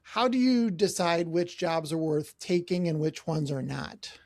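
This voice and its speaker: A man's voice: fairly high pitch, lively intonation, unhurried, darkish tone, no room sound, studio quality. A man hosting a podcast who asks questions and encourages his guest. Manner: affirming, encouraging. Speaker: podcast host. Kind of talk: interview questions.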